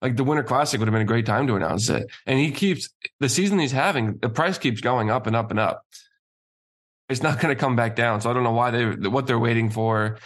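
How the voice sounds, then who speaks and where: Calm co-host, a man with mid-pitched speech, sure of his takes, easygoing delivery. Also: brisk. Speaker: sports talk co-host. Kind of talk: casual hockey chat.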